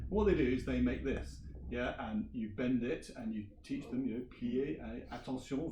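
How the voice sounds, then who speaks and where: Chatty teacher in a roomy hall. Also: male voice, medium pitch, moderate pace, few pauses, dark tone, a little hiss or hum. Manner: chatty, quizzes the audience. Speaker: language teacher giving a workshop. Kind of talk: conference workshop presentation. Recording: roomy sound from a distant mic.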